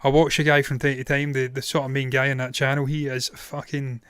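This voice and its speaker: A man in his thirties, a film reviewer and live-streamer, speaks briskly in a level, medium-pitched voice that is smooth and fairly bright. Chatting casually on stream, he delivers blunt, opinionated verdicts and swears without hesitation, sounding tired and strained after a long session; the sound is close and dry, with no echo or room.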